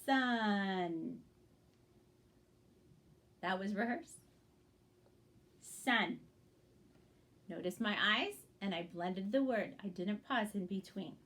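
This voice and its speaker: A woman's voice: medium pitch, expressive, normal speed, few pauses, fairly bright tone. A woman teaching young children to blend word sounds in a reading lesson, speaking patiently and encouragingly and checking in often.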